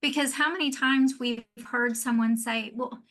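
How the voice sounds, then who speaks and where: A woman hosting a podcast, affirming her guest and asking deliberate interview questions. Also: high voice, fairly even intonation, a bit bright. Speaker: podcast host.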